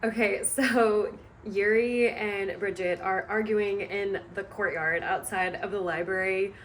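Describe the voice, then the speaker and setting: A woman's voice: mid-range voice, steady tone, unhurried, a little hiss or hum. Chatty woman recapping a story. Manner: chatty, amused, hedging asides. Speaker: book vlogger. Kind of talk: casual chatty retelling.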